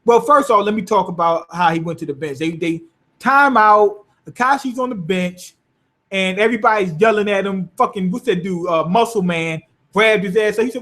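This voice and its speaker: A man's voice: high voice, normal speed. A man recapping an anime episode in a loose, rambling, profane way. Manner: profane, rambling, animated retelling. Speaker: anime reviewer.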